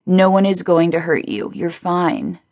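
A woman narrator voicing a calm, steady woman who soothes her partner in a soft, low voice. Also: a little slow, gravelly, dry recording. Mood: soothing.

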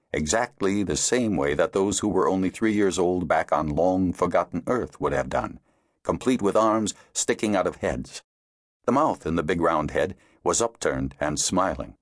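A man narrating an audiobook in a measured storytelling manner. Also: deep voice, dry recording, studio quality. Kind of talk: scripted narration.

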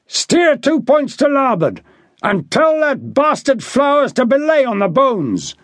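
A man's voice: sits high, big pitch swings, normal speed, a little mellow, dry recording, clean studio sound. A man voicing a brooding, harsh ship's captain who speaks in a tight, clipped, commanding way.

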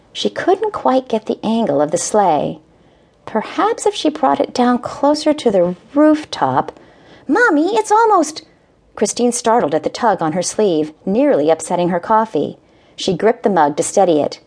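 A woman narrating a romance audiobook in a gentle, measured storytelling manner. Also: fairly low pitch. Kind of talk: scripted narration.

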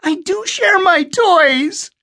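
A man's voice: very high-pitched, lively intonation, slow pace, pushed and bright, pitched above the performer's own voice, exaggerated voice. A man voicing a frightened little boy who wails through tears in an audiobook. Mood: wailing. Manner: wailing, tearful.

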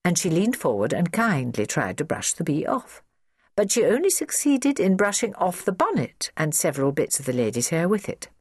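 Expressive woman reading a children's story. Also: low voice, normal speed, no room sound, studio quality. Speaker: audiobook narrator. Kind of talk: children's audiobook narration. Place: recording studio.

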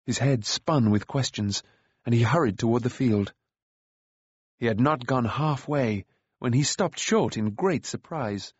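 A man reads a children's fantasy novel in a steady storytelling voice. His tone is slightly husky, and the close studio recording is dry and a little dull. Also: mid-range voice, unhurried, no room sound. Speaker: audiobook narrator. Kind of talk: scripted narration.

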